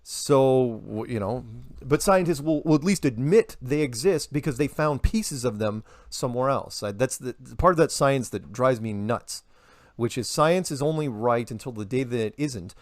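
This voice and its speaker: A man's voice: medium pitch, expressive, moderate pace, no room sound. A man talking in a casual podcast conversation, rambling, laughing often and acting out the quotes he reports. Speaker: podcast guest.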